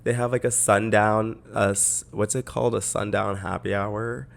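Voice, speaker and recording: A man with a deep voice tells a story on his podcast, chatty and peppered with "like." He sits close to the microphone and talks casually. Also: little pitch movement, normal speed, creaky. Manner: chatty, lots of "like" fillers. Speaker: podcast host.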